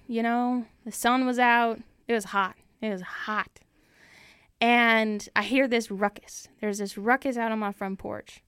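A woman's voice: on the high side, a bit bright, clean tone, no room sound, clean studio sound. A woman improvising a proud, heartbroken male lone cowboy rancher, telling his tale in a folksy way and repeating phrases for emphasis. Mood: earnest folksy. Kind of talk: improvised comic storytelling.

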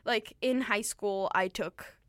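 A young woman who grew up in Argentina, a Spanish speaker, hosting a casual campus radio chat, talking in an animated way, laughing often and saying "like" a lot. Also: mid-range voice, slow, no echo. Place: radio studio.

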